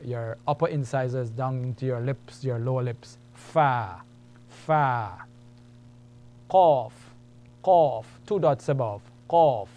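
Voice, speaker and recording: A man's voice: medium pitch, a little mellow. A man teaching the Arabic alphabet, patiently repeating each letter's sound several times. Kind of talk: slow alphabet lesson with drilled sounds. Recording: faint mains hum.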